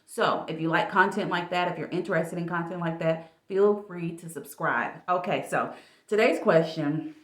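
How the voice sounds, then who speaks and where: A woman life coach chatting casually in an advice vlog, speaking in a lively, animated way. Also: on the low side, moderate pace. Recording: echoey room.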